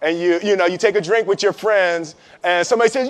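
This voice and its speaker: A man telling a story to listeners, animated and laughing, acting out the voices of the people in it. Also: sits high, normal speed, highs cut off. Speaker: speaker. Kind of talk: storytelling talk.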